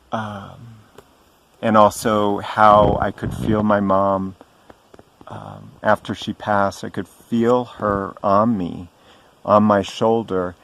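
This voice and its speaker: A middle-aged man telling a personal story to camera in a gentle, reverent way, pausing often with ums. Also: fairly low pitch, gravelly. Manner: slow and hesitant, frequent ums and pauses. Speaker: spiritual vlogger.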